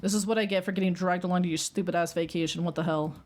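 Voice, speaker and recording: A woman voicing a tipsy young man who talks in a slow, flat, unimpressed drawl. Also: fairly low pitch, pitched below the performer's own voice, close to an everyday voice. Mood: grumbling.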